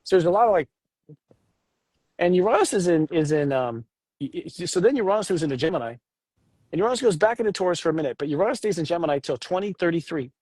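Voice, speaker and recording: A man co-hosting a casual spiritual talk about astrology, animated and joking. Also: fast talker, husky, no room sound. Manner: animated, jokes, acts out voices with big pitch jumps. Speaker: astrology show co-host.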